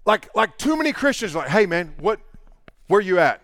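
A man's voice: high-pitched, normal speed, no echo. A man preaching a conversational sermon, acting out everyday dialogues to make his point. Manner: animated storytelling, mimics people in dialogue. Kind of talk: conversational sermon with acted-out anecdotes.

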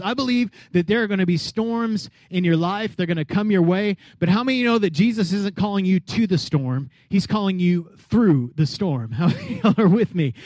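Pastor, man, high voice, lively sermon with acted-out scenes, dry close sound. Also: no echo. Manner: lively, acts out Bible characters, asks the crowd questions.

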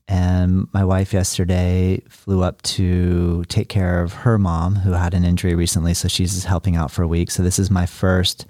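A man's voice: deep voice, dark tone, dry recording, studio quality. A middle-aged man hosting a podcast, talking in an earnest, rambling way with a shifting pace. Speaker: podcast host. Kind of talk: casual interview chat.

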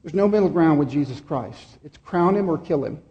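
A man's voice: a little high, lively intonation, a little fast, in a large hall, lo-fi sound. A male pastor preaching a sermon and then leading a prayer. He speaks earnestly and repeats key phrases for emphasis.

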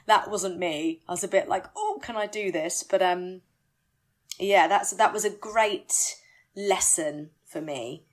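A woman, a musical theatre actress, chatting candidly in an interview, animated and self-deprecating. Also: mid-range voice. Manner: animated, self-deprecating, rushes words when excited.

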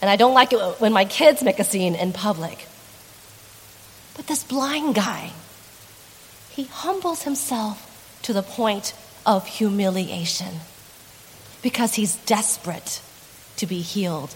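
A woman's voice: mid-range voice, expressive, measured pace, long pauses, in a large hall, slight background noise, rough recording. A woman pastor delivering a sermon in an earnest, conversational way, adding dramatic emphasis.

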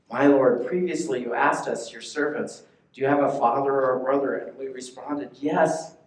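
An earnest older brother, begging a powerful lord for his youngest brother's freedom, as a man reads him aloud. The voice sits at an ordinary middle pitch. It carries a noticeable room echo. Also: natural voice. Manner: earnest, imploring scripture reading. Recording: echoey room.

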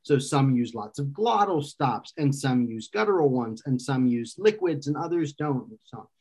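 A man talks through an explanation at an ordinary, mid-range pitch. He lectures as he thinks, breaking off and restarting his sentences as he goes. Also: animated, normal speed, darkish tone, husky. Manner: lecturing, thinks aloud with frequent restarts and self-corrections. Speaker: guest expert explaining philosophy. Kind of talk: conversational explanation.

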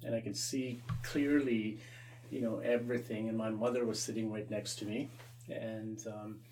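A man's voice: on the low side, fairly even intonation, moderate pace, darkish tone, far from the mic, slight background noise. A Canadian man, an Anglican priest, telling his story as an interview guest, often repeating and restarting his words.

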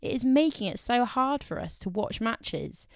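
A woman's voice: fairly high pitch, big pitch swings, normal speed, gravelly. A young woman, co-hosting a podcast in a chatty, playful way and laughing between remarks. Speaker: podcast co-host. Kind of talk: casual podcast chat about football.

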